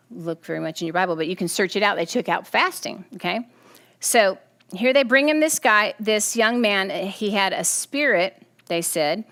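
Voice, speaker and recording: A woman preaching a sermon, animated and often checking in with her listeners. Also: mid-range voice. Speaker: teacher.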